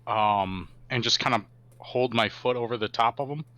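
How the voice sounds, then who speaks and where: A man at a tabletop game chimes in with a playful, eager manner. His tone is bright, and the sound is close and dry. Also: medium pitch, normal speed, no room sound, dull audio. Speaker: player.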